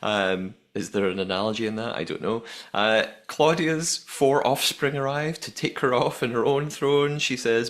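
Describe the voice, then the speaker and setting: A man hosting a podcast, giving an animated, jokey episode recap from his notes. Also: medium pitch, normal speed. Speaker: podcast host.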